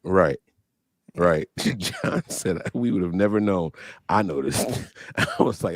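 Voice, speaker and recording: Man co-host, lowish voice, dry close mic, casual banter. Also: animated, slow pace, no echo. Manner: loose, joking, slangy. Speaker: podcast co-host. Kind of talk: casual livestream chat.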